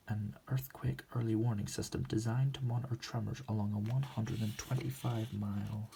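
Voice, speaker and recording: A man voicing a determined young woman submarine pilot in a forceful, defensive manner, as a whispered role-play. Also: on the low side, vocal fry, a little hiss or hum. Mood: earnest.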